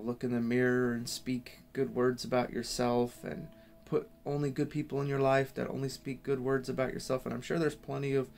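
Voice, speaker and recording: A man shares his faith testimony in an earnest, unpolished way, circling back and restarting his thoughts. His voice sits at a middle pitch. Faint instrumental music plays underneath. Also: creaky, a little mellow. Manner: rambling, earnest, many restarts. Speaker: Christian speaker.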